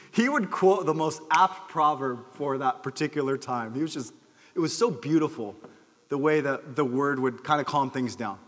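A man preaching a sermon as pastor, earnest, rising to emphatic calls and dropping low again. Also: normal speed, fairly bright tone, in a large hall. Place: church sanctuary.

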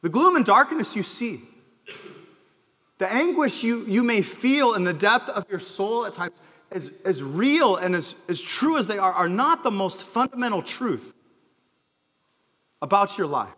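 A man preaching a sermon as pastor, earnest, rising to emphatic calls and dropping low again. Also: big pitch swings, measured pace, pauses often, pushed and bright, big-room sound. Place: church sanctuary.

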